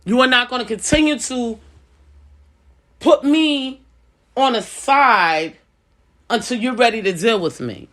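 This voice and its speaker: A woman's voice: a little high, a little slow, long pauses, fairly bright tone. A middle-aged woman and business owner giving casual advice straight to camera, blunt and emphatic, coming back to her points again and again.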